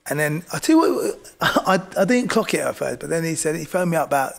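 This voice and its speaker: Very animated and fast, a man with a slightly high voice and vocal fry barely pauses. He's an English boxing coach in a casual storytelling interview, chatty and acting out voices, and keeps saying "do you know what I mean".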